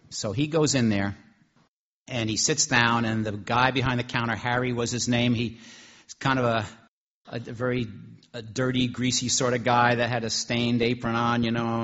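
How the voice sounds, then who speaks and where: A man's voice: medium pitch, a bit bright, muffled recording. A man preaching a sermon, telling a story in a conversational way with frequent restarts.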